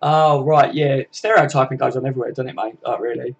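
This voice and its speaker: Young southern English lad hosting a football stream, mid-pitched and chatty, all slang and tag questions. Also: male voice, fairly even intonation, fast, gravelly, dull audio. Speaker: football live-stream host. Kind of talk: casual live-stream chat reading viewer comments.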